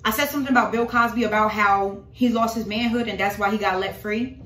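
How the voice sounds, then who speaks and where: A woman's voice: medium pitch, fairly even intonation, brisk, a bit bright, echoey room. A woman talking casually and dramatically to her followers about her faith, calling them y'all. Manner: emphatic, dramatic, addresses viewers as y'all. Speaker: religious vlogger.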